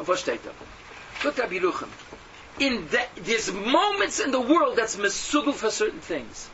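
A man giving a sermon to a class, mixing in Yiddish and Hebrew terms and swinging from hushed tones to loud exhortation. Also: high-pitched, sing-song, brisk. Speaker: Torah teacher. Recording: dull lo-fi audio from a distance with faint hum.

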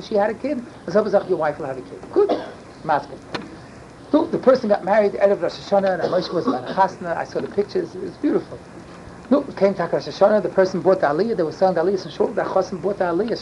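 An older man telling a rambling story at a fast clip, often rising into emphatic near-yelling. His speech is peppered with Yiddish and Hebrew words. The recording is dull and lo-fi, with loud background noise. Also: high voice. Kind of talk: animated storytelling.

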